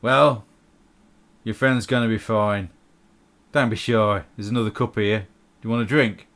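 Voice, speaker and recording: A man voicing a gruff middle-aged village drinker who is blunt and wary, in a tabletop game. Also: lowish voice, fairly even intonation, unhurried, fairly bright tone. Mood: friendly. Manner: blunt, wary, plain-spoken.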